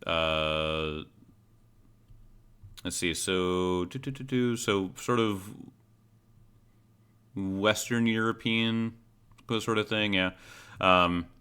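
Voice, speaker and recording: Deep bright-voiced man running a game. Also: very slow, pauses often, smooth. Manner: hesitant, many fillers and restarts. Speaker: game master. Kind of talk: guiding character creation in a tabletop game.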